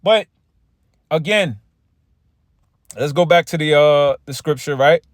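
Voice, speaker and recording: A man preaching a loose, conversational sermon, reading scripture slowly and checking in with "all right?" and "right?" as he goes. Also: a little high, no room sound. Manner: reads scripture slowly and with emphasis.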